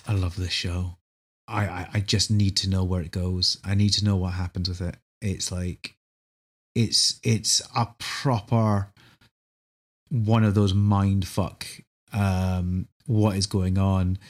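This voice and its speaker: A man's voice: deep voice, flat delivery, slow pace. Enthusiastic Scottish man. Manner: enthusiastic, gushing recommendations. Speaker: podcast co-host. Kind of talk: casual chat.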